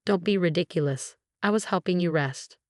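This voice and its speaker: A woman voicing a cold, snobbish older mother-in-law who talks smoothly and dismissively. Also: lowish voice, moderate pace, no echo, studio quality, close to an everyday voice.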